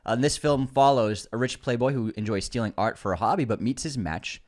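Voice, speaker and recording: Sex: man. Role: podcast co-host. Style: news rundown read from notes. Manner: brisk, with relaxed asides. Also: mid-range voice. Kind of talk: reading out movie news items.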